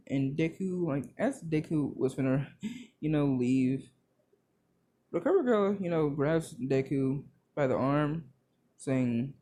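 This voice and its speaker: A young man narrates a made-up fan story in a casual, rambling way, leaning on fillers. He talks slowly, with a lively, swinging pitch. His voice sounds soft and dark. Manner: rambling, full of "like" and "you know" fillers. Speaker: video creator.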